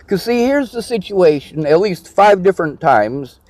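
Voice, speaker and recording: A man's voice: sits high, sing-song, moderate pace, hardly any pauses, darkish tone, dry recording. A man venting to camera in an agitated, profane, repetitive rant. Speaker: vlogger. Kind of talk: angry personal rant to camera.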